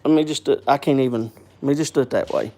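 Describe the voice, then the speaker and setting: Speaking fast in a medium-pitched voice, a male live-streamer chats casually and rambles on, folksy and repetitive. Now and then he works himself up, then cools off.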